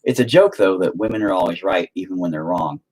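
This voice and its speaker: Profane male host, low and husky, animated swings, rambling rant. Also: quick pace, low-quality recording. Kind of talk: casual ranting monologue.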